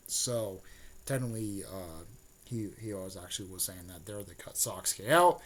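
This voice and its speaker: A man's voice: low voice, animated, normal speed, slight background noise. A young man, a YouTuber, casually retelling a plot in a rambling way full of fillers and restarts.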